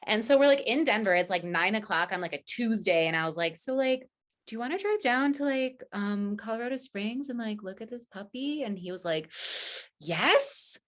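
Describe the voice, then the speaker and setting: A woman's voice: on the high side, big pitch swings, moderate pace, a bit bright. A woman guest on a casual podcast, a chatty storyteller who fills her talk with "like" and acts out quoted lines.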